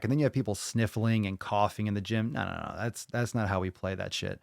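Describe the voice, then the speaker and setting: A low-voiced American man hosts a casual live-streamed podcast, loose and profane. He repeats himself often and speaks with hype. The sound is close and dry. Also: steady tone, fast, vocal fry, hardly any pauses, no echo. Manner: profane, hyped, repeats phrases. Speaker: podcast host.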